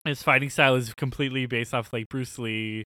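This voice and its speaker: A man co-hosting a podcast in casual chat, animated and laughing often, with loose filler words. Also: mid-range voice, fairly quick, no room sound, studio quality. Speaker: podcast co-host.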